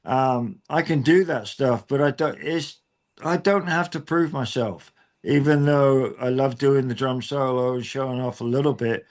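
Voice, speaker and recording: A male drummer talking in a casual band interview, with a mid-pitched voice. He rambles, restarts his sentences, and slips in jokes between thoughts. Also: measured pace. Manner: rambling, joking, many fillers and restarts.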